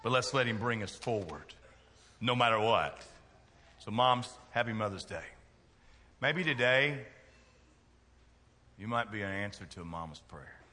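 Man, middle-aged, folksy joking sermon, forceful tone, reverberant church hall. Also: fairly low pitch, lively intonation, a little slow, long pauses, a little hiss or hum. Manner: folksy, joking preaching with big swings in loudness. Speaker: pastor. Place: church sanctuary.

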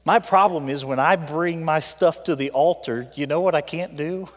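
A man preaching a sermon in a church, telling a story and pleading with the congregation, swinging between loud appeals and soft, quiet moments. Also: fairly high pitch, moderate pace. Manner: tells a story with voiced characters. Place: church sanctuary. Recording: long reverb of a large hall.

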